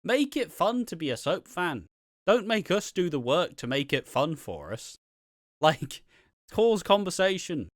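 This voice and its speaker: A man co-hosting a podcast, talking in an animated, opinionated way with some swearing. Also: high-pitched, measured pace, no echo, clean studio sound. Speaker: podcast co-host. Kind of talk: casual chat.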